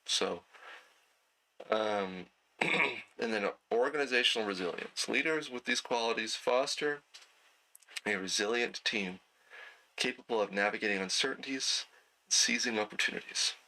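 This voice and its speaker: A man teaching an online night class in a relaxed, conversational way, with plenty of fillers and throat clearing. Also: on the low side, a little slow, pauses often, low-quality recording. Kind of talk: casual lecture.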